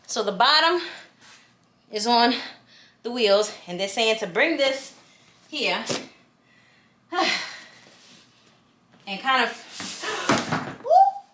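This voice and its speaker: Putting together furniture at home, this woman chats to her camera in a high-ish, sing-song voice, speaking extremely slowly with long pauses. She's an exasperated, talkative vlogger who says "y'all" to viewers, and the room sounds echoey with a little noise.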